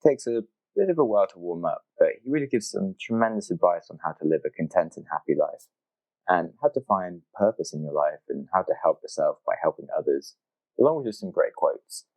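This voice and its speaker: A deep, warm-toned man hosts a podcast and tells a long anecdote in a relaxed, chatty way. He bursts into animated impressions of shocked friends. The sound is close and dry. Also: fairly quick, no room sound, rough recording. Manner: animated, acts out quoted reactions. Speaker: podcast host. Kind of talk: storytelling intro, casual.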